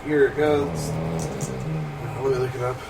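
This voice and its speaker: A young man chatting casually on a movie commentary, an animated storyteller who laughs often and slips into loud impressions. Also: a little high, normal speed, vocal fry, over music. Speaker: co-host. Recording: noisy, distant room recording.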